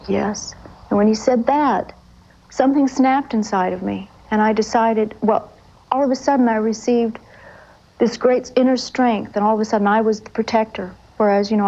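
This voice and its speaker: Woman interviewee, earnest and halting, dull lo-fi 1980s TV sound. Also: mid-range voice, a little mellow, a little hiss or hum. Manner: halting, earnest, with frequent restarts. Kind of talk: emotional recollection in a TV interview.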